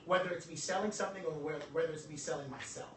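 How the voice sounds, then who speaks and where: A man giving a joking, animated motivational talk to a group, acting out little dialogues as he goes. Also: a little high, very fast, roomy sound, distant mic, a little hiss or hum, rough recording. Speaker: workshop speaker.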